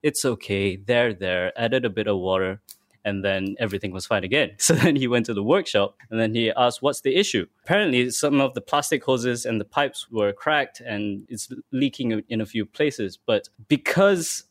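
A man hosts a relaxed podcast chat, talking in a conversational way with frequent restarts. His voice is mid-pitched and recorded close and dry. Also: normal speed, no echo. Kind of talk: casual chat.

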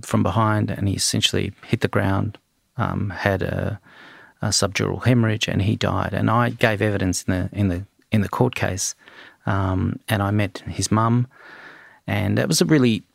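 A middle-aged man, a forensic toxicologist answering interview questions in a measured way, with frequent ums and restarts. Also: lowish voice, vocal fry, no echo, clean studio sound.

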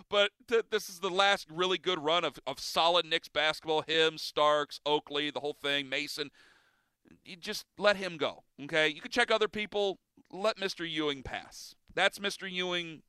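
A man's voice: on the high side, sharp tone, clear, resonant tone, dry recording. A man from the Cleveland area hosting a sports radio talk show, making his case emphatically and repeating his points. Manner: emphatic, repetitive, argumentative.

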